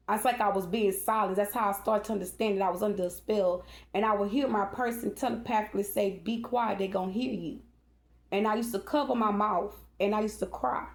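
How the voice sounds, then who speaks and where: In an emotional, long-winded personal monologue, a tarot-reading vlogger keeps addressing her followers directly, emphatic and wandering. She has a medium-pitched voice, and the recording is reverberant.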